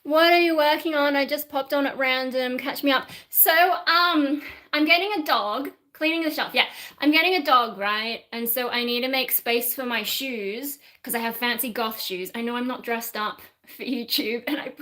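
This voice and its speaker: A woman's voice: sits high, normal speed, hardly any pauses, bright, forceful tone, poor audio. Rambling Australian woman on a live stream. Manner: rambling, self-deprecating, swears and laughs mid-sentence. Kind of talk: casual live-stream chat. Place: home room with shelves, indoors.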